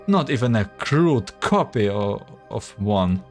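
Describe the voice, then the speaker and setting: A man's voice: fairly low pitch, big pitch swings, slow pace, soft background music. A man voicing a probing, intense female fortune teller who scolds and lectures in a raised voice. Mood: scolding.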